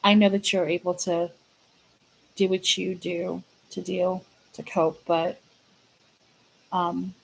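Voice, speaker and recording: A woman's voice: on the low side, flat delivery, creaky, slightly rough, poor audio. Sad woman rambling to her viewers on a stream, lots of likes and ums, keeps repeating herself. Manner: halting, repeats herself, many fillers. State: sad, grieving. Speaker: fan channel host. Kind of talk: casual livestream chat to viewers.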